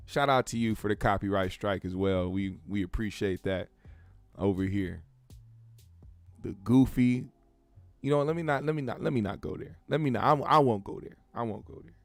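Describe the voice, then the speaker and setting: A man's voice: medium pitch, a little slow, long pauses, smooth, no echo, faint music behind. A man hosting a show, giving laid-back, joking commentary full of profanity. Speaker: show host. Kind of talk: casual commentary.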